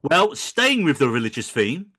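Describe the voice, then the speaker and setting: A man's voice: fairly high pitch, moderate pace. A middle-aged man co-hosting a podcast, reviewing films in casual joking chat. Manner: joking, animated, quotes others in mock voices. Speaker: podcast co-host.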